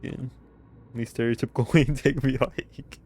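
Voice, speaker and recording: A man's voice: on the low side, flat delivery, moderate pace. A man streaming a video game, joking and rambling in casual commentary and laughing often.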